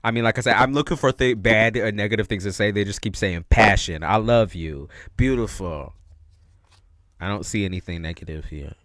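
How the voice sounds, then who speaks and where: A man's voice: on the low side, moderate pace, fairly bright tone, no echo. A man giving a casual livestream tarot reading, talking in slang, with lots of expression and frequent laughs. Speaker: tarot reader.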